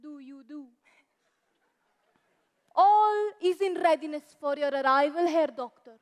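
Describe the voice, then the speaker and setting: Stage housekeeper, high, slow, reverberant hall. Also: female voice. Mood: arch. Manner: formal, arch. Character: stern middle-aged German housekeeper, sly. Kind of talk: amateur stage musical.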